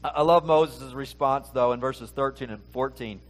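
A man's voice: medium pitch, normal speed. A male pastor preaching a conversational sermon, talking casually and asking the listeners many rhetorical questions.

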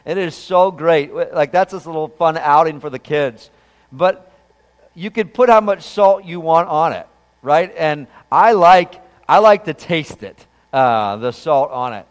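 A man preaching in a church with a fairly high, smooth and resonant voice. He keeps it conversational, putting questions to the congregation. His voice carries a long hall reverb from the sanctuary. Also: lively intonation, measured pace. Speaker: pastor. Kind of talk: sermon.

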